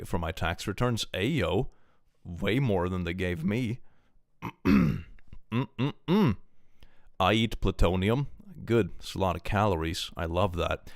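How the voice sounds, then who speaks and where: A Swedish-accented man chats on a livestream and reads out viewer messages in a jokey, animated way, swearing freely. His voice is fairly low, and the sound is dry and close with no room echo. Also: takes it slowly. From Sweden. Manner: animated and jokey, swears freely, swings between mock-gloomy and excited. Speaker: streamer. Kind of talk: casual livestream chat, reading viewer messages.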